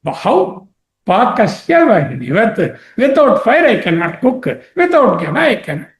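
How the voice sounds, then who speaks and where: Animated teacher, lively high voice. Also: male voice, normal speed, echoey room. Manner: repeats and drills each word, asks himself questions and answers them. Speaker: teacher of scripture. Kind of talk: explaining a Sanskrit text to a study circle.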